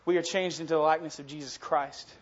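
A man's voice: fairly high pitch, steady tone, fast talker, dull audio. A young man in his twenties preaching a casual, earnest sermon that swells into passionate emphasis. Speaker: youth preacher.

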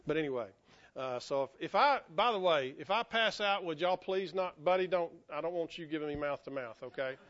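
A male pastor preaching a sermon in an animated, folksy way, acting out the voices he quotes and getting over an illness that makes him cough. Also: on the high side, brisk, dull audio.

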